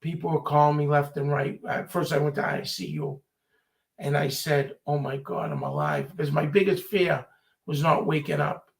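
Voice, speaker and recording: A man's voice: on the high side, normal speed, creaky. A man, telling stories in a casual chat and acting out the voices of the people in them. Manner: animated, acts out quoted voices. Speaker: storyteller.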